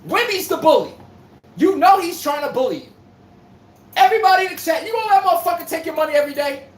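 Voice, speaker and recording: Animated trash-talking sports podcast host. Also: male voice, extremely high pitch, quick pace. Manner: animated, profane trash talk to chat. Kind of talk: live-stream sports talk. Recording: echoey room from far off, faint noise.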